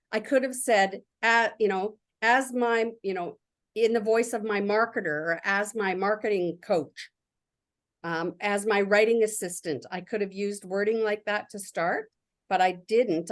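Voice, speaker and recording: Woman showing off her examples in a workshop, upbeat and chatty, mid pitch. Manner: chatty and enthusiastic, reads prompts aloud. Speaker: workshop presenter. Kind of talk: casual workshop walkthrough.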